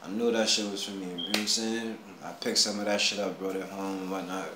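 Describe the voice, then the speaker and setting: A man telling a personal story in casual street slang, animated, dropping low and then rising to excited shouts. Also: brisk. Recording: roomy echo, faint background hum.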